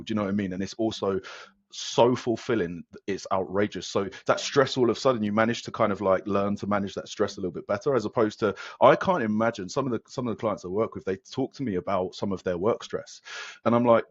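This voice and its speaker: A man who works as a fitness coach, chatting as a podcast guest, telling stories in a rapid, animated way with lots of restarts. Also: lowish voice, slightly rough, no room sound. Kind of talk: casual podcast conversation. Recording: dull, dry lo-fi sound.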